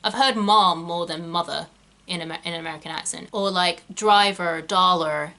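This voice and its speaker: A young woman from Britain with a non-rhotic English accent talks through a casual video lesson as an acting teacher. Her voice is bright and a little sharp. She rambles into tangents and stops to correct herself mid-sentence. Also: fairly low pitch, steady tone, fairly quick. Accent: British English, non-rhotic.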